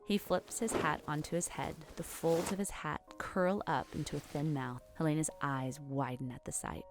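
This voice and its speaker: A woman narrates a fan audio drama in an even, storytelling manner. Her voice is low and gravelly. Music plays clearly behind her. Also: moderate pace, few pauses.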